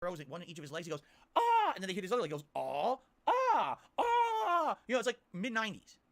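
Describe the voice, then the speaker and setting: A man's voice: high voice, expressive, very fast, fairly bright tone. A man ranting on a stream, complaining insistently and asking "okay?" again and again.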